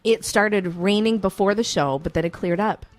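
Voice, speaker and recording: A woman co-hosting a radio show, telling a lively story in casual chat and acting out the quotes. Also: medium pitch, moderate pace, soft background music. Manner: animated storyteller, acts out quotes.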